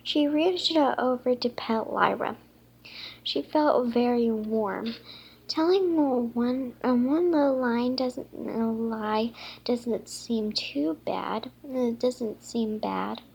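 Woman reading a children's book haltingly. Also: a little high, gravelly, darkish tone, husky. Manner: halting, frequent self-corrections. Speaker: reader.

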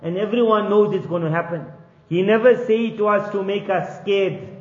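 A man's voice: sits high, steady tone, moderate pace. A man giving an earnest sermon, asking rhetorical questions and acting out quotes. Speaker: preacher. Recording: echoey hall, dull lo-fi sound.

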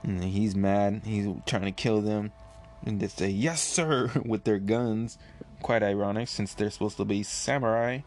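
Laid-back man with a low voice. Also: moderate pace, a little hiss or hum. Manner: relaxed, rambling, many fillers. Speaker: comic reviewer. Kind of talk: casual chapter review.

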